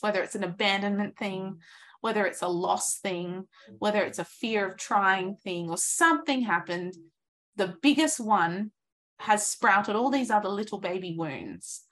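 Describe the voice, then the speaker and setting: A woman in her thirties giving an earnest, encouraging coaching talk, acting out inner thoughts in lively voices. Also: mid-range voice. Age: 30s.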